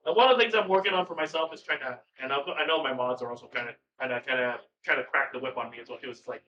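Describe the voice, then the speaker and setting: A man in casual chat as a podcast guest, rambling and excitable, swearing now and then, on a video call. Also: mid-range voice, very fast, few pauses. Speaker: podcast guest, cooking streamer. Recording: far-off, roomy, dull sound with hum.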